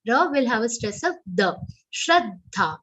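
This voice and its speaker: A woman teaching Sanskrit verse recitation in an online class, chanting each line slowly and carefully before explaining the sounds. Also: a little high, fairly bright tone, poor audio. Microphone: online call microphone.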